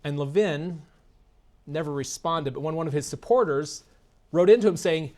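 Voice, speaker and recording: Combative male keynote speaker, higher voice. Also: normal speed, a little mellow. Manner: combative, sarcastic, asks the audience questions. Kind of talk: political keynote speech. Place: convention meeting room.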